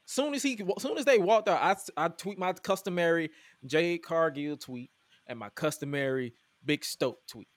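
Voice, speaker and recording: A man hosting a podcast, recapping wrestling in casual chat, animated and incredulous as he quotes promos aloud. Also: on the high side, moderate pace, no echo. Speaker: podcast host.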